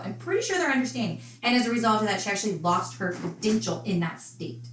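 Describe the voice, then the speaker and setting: A woman's voice: medium pitch, expressive, quick pace, hardly any pauses, a bit bright, echoey room, slight background noise, rough recording. A woman casually recounting a true crime case, chatty and indignant in her asides.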